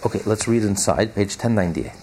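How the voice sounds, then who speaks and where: A man teaching a religious text class, explaining emphatically and repeating key phrases slowly for stress. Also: on the low side, darkish tone, a little hiss or hum.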